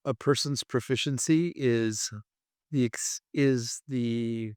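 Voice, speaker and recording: A man's voice: medium pitch, steady tone, takes it slowly, a little mellow, clear, resonant tone, no room sound, clean studio sound. A man speaking as an expert guest in an interview, explaining ideas step by step with examples. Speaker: guest expert on language testing.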